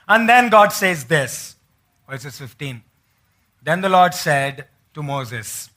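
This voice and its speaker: A man's voice: a little high, lively intonation, slow, sharp tone. A man preaching a sermon as pastor in a church, asking the congregation questions and acting out the words of biblical figures.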